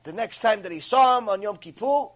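A man teaching a long religious lecture, telling stories in an animated way and acting out the voices. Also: high voice, fairly quick. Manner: animated storytelling, acts out voices.

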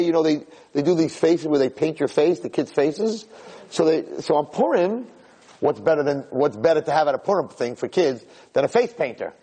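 Husky guy telling a story to a crowd, animated, emotional, kinda rambling. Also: on the high side. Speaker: Torah lecturer. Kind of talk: storytelling talk to an audience.

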